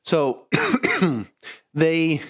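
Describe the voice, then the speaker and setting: A man's voice: on the high side, huge pitch swings, drawn-out words, a bit bright. A young man co-hosting a podcast, telling a story in casual chat, swearing freely, laughing mid-sentence and restarting his words. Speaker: podcast co-host.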